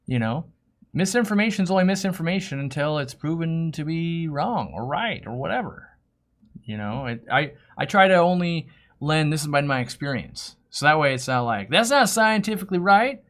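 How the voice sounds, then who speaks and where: Animated man chatting on a live stream. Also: fairly high pitch, moderate pace. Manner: animated, acts out customer dialogues in quoted voices. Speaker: host of a fish-keeping Q&A live stream. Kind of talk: casual live-stream Q&A chat.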